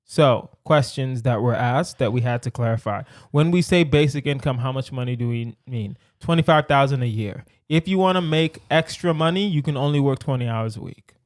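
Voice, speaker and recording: A man's voice: mid-range voice, moderate pace, dry recording, clean studio sound. A man hosting a casual podcast chat, playful and teasing, laughing easily as he explains a question. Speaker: podcast host.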